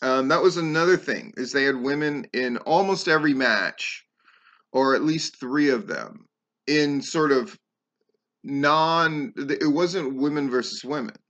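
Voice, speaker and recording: A man's voice: mid-range voice, measured pace, a bit bright, lo-fi sound. A middle-aged man hosting a podcast, reviewing a wrestling show in a loose, rambling way, full of swearing and ums. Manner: rambling, profane, frequent ums. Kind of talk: casual spoken review.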